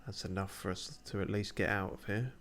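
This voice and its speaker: A man with a slightly low voice plays through a game on stream, narrating casually as he goes. He mutters to himself with dry, sarcastic asides. A faint hiss sits under the recording. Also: brisk, a bit bright. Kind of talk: casual let's-play commentary.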